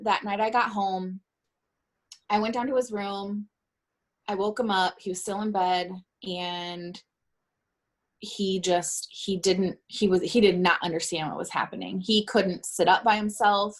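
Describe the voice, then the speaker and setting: In an interview, a middle-aged woman who has lost a child speaks in a mid-range voice, recounting a painful personal story haltingly and frequently pausing to correct herself.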